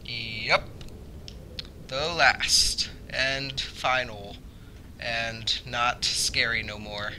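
A man's voice: mid-range voice, fairly even intonation, drawn-out words, bright, forceful tone, a little hiss or hum. Jumpy young man narrating a game. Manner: jumpy, yelps and repeats himself when startled. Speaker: let's play host. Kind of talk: gameplay commentary.

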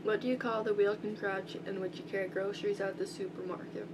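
A woman's voice: mid-range voice, steady tone, quick pace. A young woman from Georgia with a Southern accent, chatting casually as she reads a list of words and questions aloud, with rambling asides. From Albany, Georgia, US. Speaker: vlogger. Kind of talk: casual accent-tag video. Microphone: built-in laptop mic. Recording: loud hum and static from a laptop mic.

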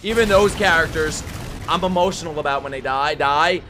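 A man hosting an anime reaction, talking excitedly and profanely, often bursting into shouts and laughter. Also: fairly high pitch, moderate pace, noisy background. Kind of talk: live anime reaction commentary. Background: anime soundtrack music.

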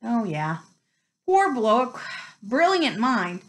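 A big, warm-hearted giant of a man from a storybook, talking in clipped, folksy bursts voiced by a woman reading aloud. The delivery bounces with lively pitch. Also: drawn-out words, full character voice. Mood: chatty. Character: giant gruff friendly male groundskeeper.

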